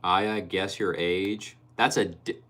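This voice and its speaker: Here a young male streamer takes his time, his deep voice fairly bright and his intonation mostly even. He reads viewer comments aloud during a casual stream, laughing a lot.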